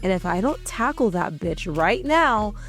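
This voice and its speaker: A woman hosting her own podcast in a casual, rambling chat, with her voice hoarse and fading. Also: medium pitch, very animated, unhurried, faint music behind. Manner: chatty, rambling, swears casually. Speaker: podcast host.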